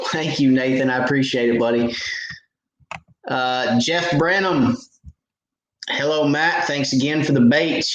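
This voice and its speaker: A man's voice: medium pitch, reverberant, rough recording. A middle-aged man, hosting a fishing livestream in casual chat and reading out viewer comments. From Knoxville, Tennessee. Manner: folksy, reads viewer comments aloud.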